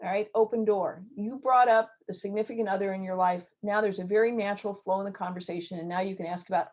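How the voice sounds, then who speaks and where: A middle-aged woman surgeon giving interview advice in an online talk, telling stories lively and acting out the people she quotes. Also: medium pitch, brisk. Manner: lively storytelling with acted quotes. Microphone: video call. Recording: dull lo-fi video call audio.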